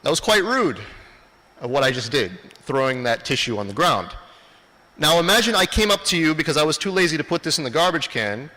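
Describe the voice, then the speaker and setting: A man gives a lecture presentation in a bright, lively voice with lots of rise and fall, a little high and fairly quick. He keeps posing questions to his audience and then answering them, while long hall reverb trails after his words.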